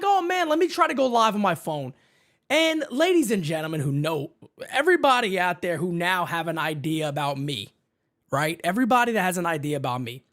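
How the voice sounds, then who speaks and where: Hyped dude hosting a fan stream from home, high voice, super lively up and down. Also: male voice. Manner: hyped, shouting out chat viewers by name. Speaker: baseball fan show host. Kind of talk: excited live-stream chat. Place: home studio setup.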